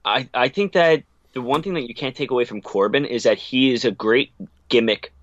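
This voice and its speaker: A man's voice: mid-range voice, a little fast, no echo, lo-fi sound. A man co-hosting a podcast, giving long opinionated takes on wrestling in a casual, rambling way. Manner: opinionated, rambling, restarts often. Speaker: podcast co-host.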